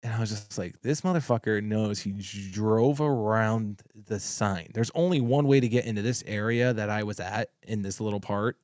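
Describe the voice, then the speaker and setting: A man's voice: lowish voice, normal speed, few pauses, a little mellow, no room sound. A man co-hosting a podcast, telling a swear-laden story in casual chat and laughing as he talks. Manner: profane, storytelling, laughs often. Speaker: podcast co-host.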